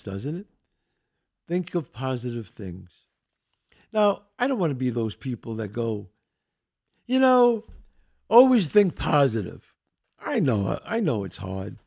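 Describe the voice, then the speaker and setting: A man's voice: mid-range voice, creaky, a little mellow, husky, no echo, clean studio sound. A man hosting a show, talking emphatically in a motivational monologue and acting out the voices he quotes. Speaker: podcast host.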